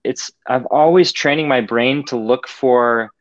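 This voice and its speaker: A man's voice: medium pitch, a little slow, no echo, dull audio. A man on a podcast, talking casually and animatedly, acting out other people's voices as he explains his ideas. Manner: animated storyteller, acts out voices. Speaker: podcast guest.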